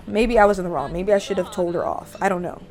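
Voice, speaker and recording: A woman's voice: medium pitch, fairly quick, a little mellow, lightly acted. A woman voicing a nervous young man, a sound engineer who talks in a hesitant, defensive, apologetic way.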